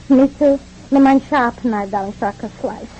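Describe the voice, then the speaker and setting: An actress with a high-pitched voice speaks at a measured pace, playing the family's kindly, talkative immigrant mother in 1940s-style radio acting. Chatty throughout, she rambles, philosophizes and stammers with repeats, all on a dull old radio recording with a little hiss or hum.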